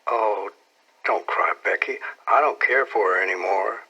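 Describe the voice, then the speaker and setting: Storybook boy, keen and boastful, coaxing drawl; a man reads him husky and bright. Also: lowish voice, unhurried, exaggerated voice, low-quality recording. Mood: pleading. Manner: earnest, coaxing, folksy drawl. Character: eager young schoolboy in love, boastful.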